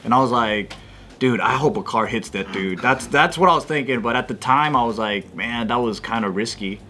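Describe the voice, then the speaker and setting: Bright-voiced man telling a wild story. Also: mid-range voice, normal speed, a little hiss or hum. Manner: animated, swears a lot, acts out shouts. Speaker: podcast co-host. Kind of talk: casual storytelling.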